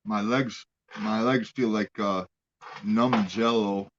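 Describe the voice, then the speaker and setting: A man's voice: lowish voice, fairly even intonation, slow, muffled recording, noisy background. A man chatting casually as a stream guest, laid-back, calling the host "dude.". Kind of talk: casual chat.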